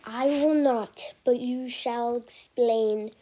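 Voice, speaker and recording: A woman doing a slow, stern castle knight. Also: fairly high pitch, steady tone, dark tone, low-quality recording. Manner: slow, deliberate, old-fashioned speech.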